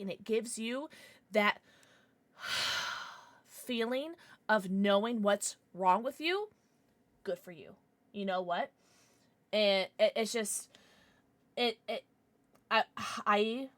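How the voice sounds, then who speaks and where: Young woman streamer, bright and forceful, dry close mic, passionate and profane chat-reader. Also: a little high, no room sound. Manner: passionate, swearing, reacting to chat. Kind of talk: casual chat with live chat.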